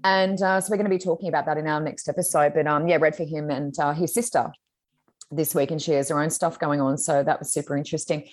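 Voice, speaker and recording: A low-pitched woman chats casually as a podcast co-host. She tells her stories excitably and fills them with ums and likes. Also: fast talker. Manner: chatty, excitable storytelling with many fillers. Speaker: psychic medium podcast co-host. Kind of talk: casual chat.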